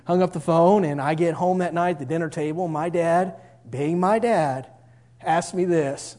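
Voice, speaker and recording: A man's voice: a little high, moderate pace, mellow. A middle-aged man, telling a folksy, self-mocking personal story with a moral.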